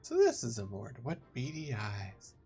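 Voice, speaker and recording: A man casually commenting while he plays a video game, joking and reacting to what is on screen. His mid-range voice swings lively up and down. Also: medium pitch, measured pace, husky, faint music behind. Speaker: let's play gamer.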